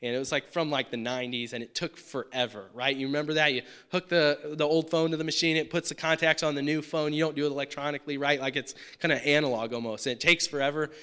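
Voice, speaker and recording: A man's voice: on the high side, fairly even intonation, fast, few pauses, sharp tone, clear, resonant tone. A man in his thirties preaching a sermon, telling a story in a conversational way and asking rhetorical questions. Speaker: pastor. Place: church sanctuary.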